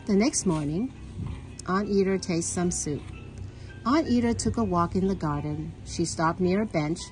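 A woman reading a children's picture book aloud, with a steady storytelling manner. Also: lowish voice, a little slow, faint music behind, low-quality recording.

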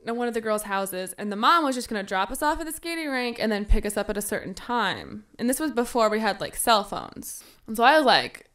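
A woman podcast host telling a funny personal story in a casual, animated way, acting out her younger self's lines. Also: on the high side, a little fast, hardly any pauses.

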